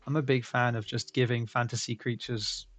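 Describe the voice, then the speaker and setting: A man's voice: medium pitch, level tone, moderate pace, fairly bright tone, dry recording, soft background music. A man hosting a drawing stream, chatting casually and joking. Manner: chatty, joking, laughs often. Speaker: stream host.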